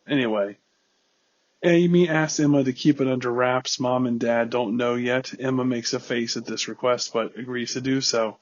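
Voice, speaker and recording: A man's voice: fairly even intonation, normal speed. A man hosting a podcast, casually recapping a movie in a wry, rambling way and getting easily exasperated. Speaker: podcast host. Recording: muffled low-quality audio.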